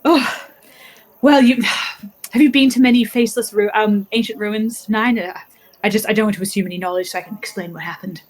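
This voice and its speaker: A woman's voice: medium pitch, fairly even intonation, brisk, lightly acted, low-quality recording. A woman voicing a flustered, prim young academic who keeps apologising and swooning, in a tabletop game.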